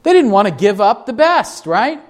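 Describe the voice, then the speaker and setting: A man preaching an expository sermon, reading scripture slowly for emphasis and asking the congregation rhetorical questions. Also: high voice, big pitch swings. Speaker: pastor.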